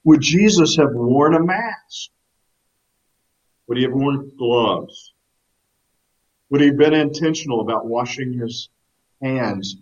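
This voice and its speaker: An earnest male pastor giving a sermon at a middle pitch. He speaks emphatically and often doubles a word as he starts a new phrase. The recording sounds slightly dull. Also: animated, takes it slowly, pauses often, a little mellow.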